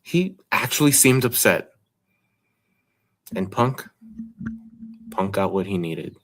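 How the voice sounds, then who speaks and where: Slow deep-voiced man on a podcast. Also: animated, fairly bright tone. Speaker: podcast co-host. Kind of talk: casual wrestling chat.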